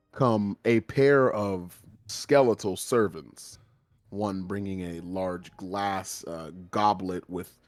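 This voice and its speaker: A man narrating as game master of a tabletop game, describing scenes in a relaxed way with frequent filler words. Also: lowish voice, dry recording.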